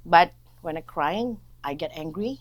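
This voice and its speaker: A woman with an Indonesian accent, a non-native English speaker, telling her faith testimony in a halting way and acting out her past speech. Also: fairly low pitch, animated. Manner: halting, searching for words, acts out her own past speech. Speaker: guest sharing testimony.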